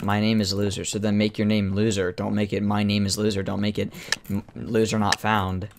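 A young gamer casually chatting and teasing a teammate during an online match, breaking into excited yells. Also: low-pitched, brisk, background noise. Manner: teasing, jokey, bursts of excited yelling. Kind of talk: casual gaming chat.

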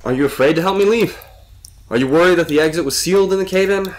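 A man's voice: high voice, fast talker, pitched above the performer's own voice, natural voice. A man playing a frustrated young man trapped in a cave, firing off urgent questions at a mysterious voice.

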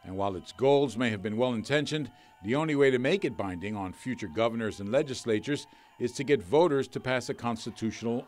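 A man reporting a broadcast news story in a measured, slightly wry delivery. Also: medium pitch.

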